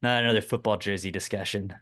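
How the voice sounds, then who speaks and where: Bright-voiced man chatting on a podcast. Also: lowish voice, quick pace. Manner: animated, swears often, voices people mid-story. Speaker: podcast co-host. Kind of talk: casual chat.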